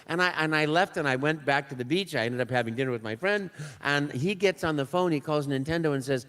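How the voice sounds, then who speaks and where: An older man spins an anecdote for a convention audience, his voice sitting slightly high. He is animated, slipping into other people's voices and imitating little sounds, with a story told from the stage. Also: fast, few pauses, clear, resonant tone. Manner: animated, acts out dialogue and sounds. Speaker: voice actor guest. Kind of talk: live panel storytelling. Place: panel room at a convention.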